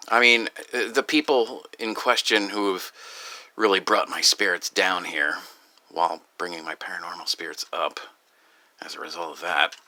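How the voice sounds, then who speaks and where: A grieving, upset man talking in a rambling personal vlog, halting and profane, with many restarts. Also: sits low, fairly even intonation, pushed and bright. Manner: halting, profane, full of restarts and "you know". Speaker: video creator.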